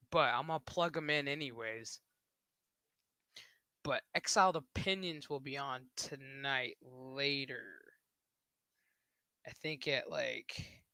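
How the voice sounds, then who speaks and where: A man's voice: on the high side, bright, forceful tone, no echo. A man streaming who talks in a rambling, casual way, swearing and laughing often. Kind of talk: casual livestream chat.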